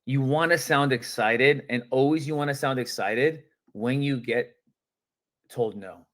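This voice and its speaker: A man coaches real estate agents during a live-streamed sales training, speaking in energetic, casual slang and role-playing phone calls. His voice is mid-range, and he talks a little slowly.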